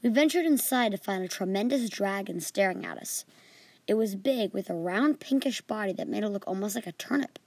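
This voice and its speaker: A woman's voice: mid-range voice, expressive, fairly quick, a little mellow, no echo. Earnest female podcast storyteller, dry mic. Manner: earnest, with small slips and restarts. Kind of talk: reading a fantasy adventure story.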